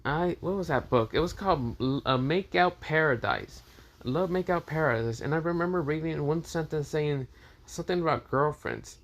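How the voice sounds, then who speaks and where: A man's voice: a little high, moderate pace, pitched above the performer's own voice, lightly acted. A man voicing a cocky teenage boy hero in a fan story, crude, mocking and flippant.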